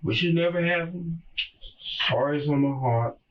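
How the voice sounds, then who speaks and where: An older man giving a slow, repetitive and emotional statement in a police interrogation, heard through muffled recording. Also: on the high side, a little hiss or hum. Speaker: murder suspect in interrogation. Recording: muffled, distant interrogation room audio.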